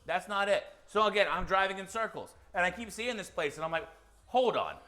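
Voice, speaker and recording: A man co-hosting a podcast, telling a long anecdote in a casual, animated way and acting out the quotes. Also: sits high, quick pace. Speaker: podcast co-host. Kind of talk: casual storytelling.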